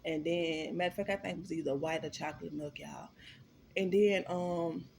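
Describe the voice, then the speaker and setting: Animated, swearing woman telling a story. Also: fairly low pitch, moderate pace, vocal fry, a little hiss or hum. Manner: animated, profane and emphatic. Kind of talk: storytime vlog.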